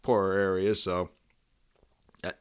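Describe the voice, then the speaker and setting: A man's voice: sits low, flat delivery, unhurried, smooth. A man with a Boston accent chatting casually as a podcast co-host, often laughing and restarting his phrases. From Boston area. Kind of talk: casual chat.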